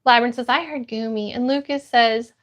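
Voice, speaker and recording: A woman's voice: on the high side, fairly even intonation, fairly quick, muffled recording. A woman livestreamer reading her chat aloud, upbeat and greeting viewers by name.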